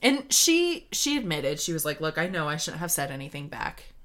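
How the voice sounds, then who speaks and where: A woman's voice: low voice, big pitch swings, moderate pace, a bit bright. A woman co-hosting a podcast, telling a story in casual chat with frequent laughter. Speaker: podcast co-host.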